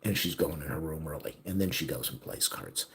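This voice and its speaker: A middle-aged man venting bitterly in a personal monologue, his agitated voice swinging from hushed mutters to near-shouts. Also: a bass voice, fairly quick, creaky, a little hiss or hum. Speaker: vlogger.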